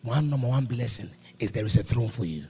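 A man preaching a sermon as pastor, breaking into shouts and sung phrases, recorded in a reverberant church hall with music behind. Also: mid-range voice, expressive, brisk, slightly rough.

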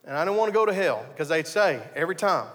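A man's voice: on the high side, expressive, fast talker, fairly bright tone, in a large hall. A man preaching a conversational sermon, telling his story earnestly and often restarting his sentences. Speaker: pastor.

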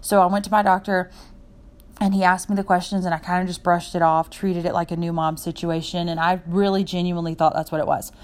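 A young woman talks through her podcast off the cuff, sincere and heartfelt, and drifts from one point to the next. Her voice sits a little low for a woman. She speaks in a loose, personal monologue with no notes. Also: flat delivery, a little fast. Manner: rambling and heartfelt, jumps between points. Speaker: podcast host.

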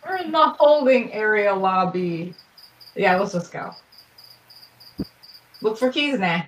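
A woman's voice: mid-range voice, animated, slow, a little hiss or hum, rough recording. A woman playing a tabletop game, chatting animatedly and swearing freely. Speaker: player. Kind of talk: casual chat at a game table.

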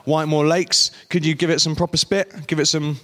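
Guy doing a youth talk, playful, bossing volunteers around, high voice, big hall echo. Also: little pitch movement, fairly quick, pushed and bright. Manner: playful, directs volunteers on stage. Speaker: guest youth speaker.

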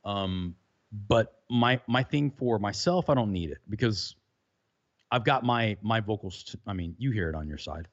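A man's voice: on the low side, animated, moderate pace. Man talking loosely over a dull remote line. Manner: loose, rambling with many fillers. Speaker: podcaster guest. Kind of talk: casual chat. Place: home room with some reverb, remote.

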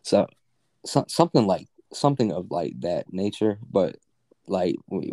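A young man co-hosting a casual, unscripted podcast, his voice low and mellow. He rambles along with lots of fillers and offhand swearing. The sound is dry and close, with no room around it. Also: very animated, unhurried, no echo. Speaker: podcast co-host.

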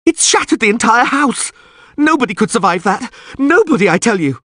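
A panicked minstrel yelps in a frantic, shrill squeal, voiced by a male audiobook reader. His pitch leaps far above the reader's own and swings wildly. The voice stays husky and dry. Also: sing-song, normal speed, pushed and bright, dry recording, exaggerated voice. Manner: shrieking, frantic.

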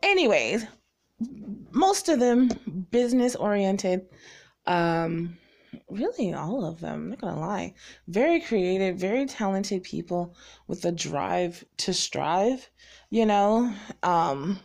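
A woman talks through a casual solo podcast episode, rambling from one thought to the next. She speaks in quick bursts, full of fillers and asides, at a middle pitch. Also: very animated, creaky, darkish tone. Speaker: podcast host.

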